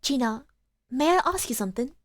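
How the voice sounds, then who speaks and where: A woman voicing an earnest young male law student who speaks gently and sincerely. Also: high-pitched, animated, brisk, dry recording, studio quality. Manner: earnest, gentle, softly spoken.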